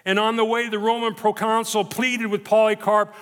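A man preaching a sermon as pastor, emphatic and dramatic, slowing down to stress repeated phrases. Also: sits high, little pitch movement, fairly bright tone. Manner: emphatic, dramatic retelling with slow stressed repetitions. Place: church sanctuary. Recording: long reverb of a church hall.

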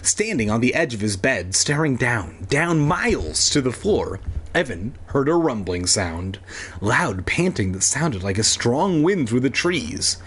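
A man's voice: mid-range voice, unhurried, a little hiss or hum. Joking man reading a spooky story. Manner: lively, joking, swears in asides. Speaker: podcast host reading horror stories aloud. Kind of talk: casual storybook reading with asides.

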